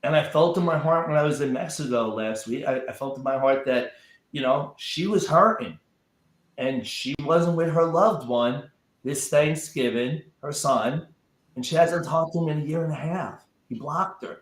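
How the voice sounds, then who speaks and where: A man's voice: on the high side, normal speed, reverberant. A man talking as a guest in a casual chat, emphatic and often repeating words as he builds up a point.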